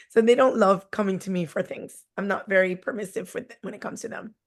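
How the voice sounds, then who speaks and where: A woman in her forties speaks with a middling pitch, blunt and animated. She tells classroom stories candidly, drops in little jokes and voices the kids she teaches. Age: 40s. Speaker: teacher, guest. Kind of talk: candid conversational storytelling.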